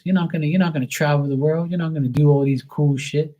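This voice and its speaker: A middle-aged man hosting a tarot livestream, chatting casually in a rambling, blunt and profane way that rises into animated rants. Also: a little high, fast talker, low-quality recording. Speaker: tarot reader host.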